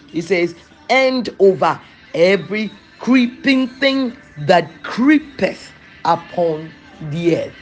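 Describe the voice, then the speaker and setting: A preacher giving a sermon, talking emphatically with rhetorical questions and repetition, swinging from loud bursts to soft asides. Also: mid-range voice.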